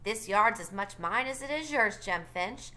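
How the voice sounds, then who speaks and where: A woman's voice: mid-range voice, lively intonation, unhurried, pushed and bright, slight background noise. A woman voicing a feisty, outspoken young girl who talks back indignantly. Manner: indignant and defiant.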